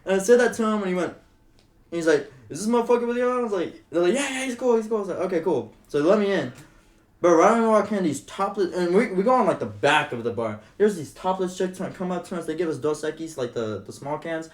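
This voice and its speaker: Animated storytelling man in an echoey room. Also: high voice, fast talker. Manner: animated, swearing, acts out quotes. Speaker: podcast guest. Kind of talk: casual storytelling.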